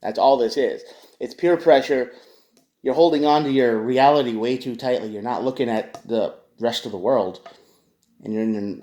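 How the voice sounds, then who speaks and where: A man's voice: a little high, moderate pace, dark tone, reverberant. Man giving a casual tarot reading. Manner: conversational, addresses viewers directly, frequent restarts. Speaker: tarot reader.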